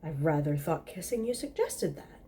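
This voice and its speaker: A woman's voice: low voice, very animated, moderate pace, warm tone, slight background noise. A woman voicing a flustered, prim male angel who is fussy and easily offended, with a huffy, fluttery way of speaking.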